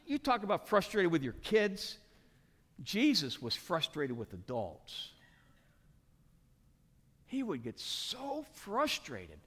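A man preaches a lively sermon in a fairly high, bright voice that leaps up and down as he acts out the people in his story. He swings from shouted lines to soft, hushed ones. The sound carries a long hall reverb. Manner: dramatic, acts out characters with shouts and whispers. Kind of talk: animated sermon with acted-out voices.

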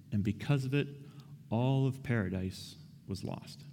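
A man's voice: mid-range voice, sing-song, normal speed, dark tone. A man giving a casual, conversational sermon, asking his listeners questions and often adding "right?". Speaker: preacher. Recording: reverberant hall.

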